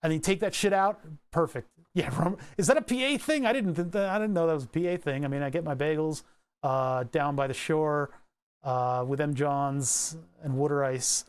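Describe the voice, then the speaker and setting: Rambling higher-voiced man chatting on stream. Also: normal speed, clear, resonant tone. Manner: rambling, chatty, restarts often. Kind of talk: casual livestream chat.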